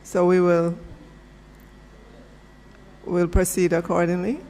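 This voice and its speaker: A man chairing a parliamentary committee in a large hearing room, giving brief, measured procedural prompts. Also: high-pitched, completely flat delivery, warm tone. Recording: long hall reverb.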